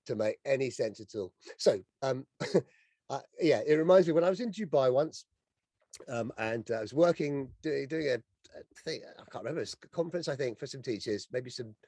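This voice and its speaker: Animated, laughing man. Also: fairly high pitch, no echo. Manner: animated, laughing, self-deprecating. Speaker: maths education consultant. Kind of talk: conversational anecdote talk.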